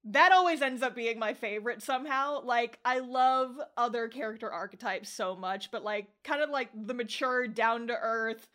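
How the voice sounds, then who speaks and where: A young woman co-hosting a casual podcast, retelling scenes in an animated way, laughing often and acting out characters' lines. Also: fairly high pitch, normal speed, few pauses. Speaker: podcast co-host. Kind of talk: casual chat.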